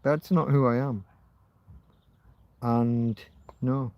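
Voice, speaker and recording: A man's voice: medium pitch, fairly even intonation, drawn-out words, dark tone, no echo. A man hosting an informal livestream, ranting heatedly and swearing, with phrases repeated for emphasis. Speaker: livestream host.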